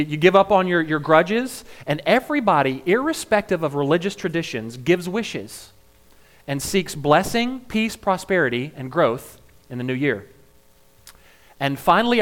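Male comic speaker, higher voice, animated and joking. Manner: joking asides, animated and playful. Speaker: comedic speaker. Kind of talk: comedic monologue.

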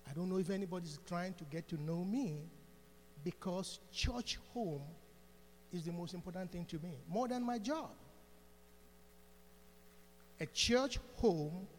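A man's voice: sits high, darkish tone, big-room sound, slight background noise. An older man with an African accent giving a fervent testimony to a church congregation. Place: church sanctuary.

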